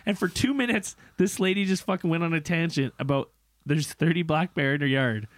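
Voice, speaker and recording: A young man co-hosting a podcast, telling a story casually, swearing and mimicking people in squeaky voices. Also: a little fast, dry recording, clean studio sound. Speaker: podcast co-host.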